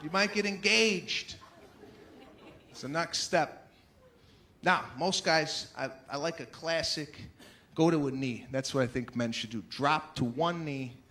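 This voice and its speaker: A man doing a stand-up comedy routine, exasperated and acting out characters, building to shouts. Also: on the high side, unhurried. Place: comedy stage before a live audience. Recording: live show with crowd laughter and noise.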